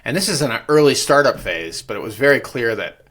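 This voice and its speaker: A man's voice: mid-range voice, expressive, brisk, fairly bright tone. A man co-hosting a casual real estate podcast, chatty and rambling with frequent restarts. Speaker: podcast co-host.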